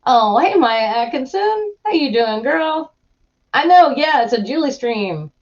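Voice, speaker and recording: A woman's voice: high voice, a little slow. A woman chatting casually to live viewers as host, telling stories animatedly. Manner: animated storytelling, acts out voices of people in her anecdotes. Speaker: livestream host. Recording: muffled lo-fi stream audio.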